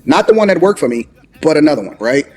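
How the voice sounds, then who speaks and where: A man in his forties telling a story in an animated way, loudly acting out what people said. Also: on the high side, breathy edge, soft background music. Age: 40s. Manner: rapid, acts out quoted dialogue loudly. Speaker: podcast storyteller.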